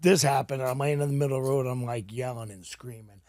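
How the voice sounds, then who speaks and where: A middle-aged man from New England, telling his story in a casual interview, animated and swearing freely. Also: medium pitch, quick pace, dry recording, studio quality.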